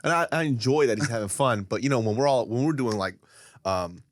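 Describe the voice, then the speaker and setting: A man's voice: mid-range voice, brisk. A man co-hosting a casual podcast, talking bluntly with swearing and teasing jokes. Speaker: podcast co-host. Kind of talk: casual chat.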